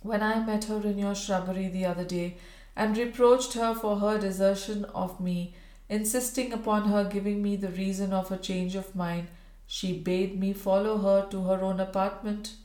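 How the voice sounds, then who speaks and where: Brief: woman voicing a grave Victorian gentleman, formal, measured, echoey room. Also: mid-range voice, flat delivery, lightly acted. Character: grieving proud Victorian gentleman, solemn. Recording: roomy echo.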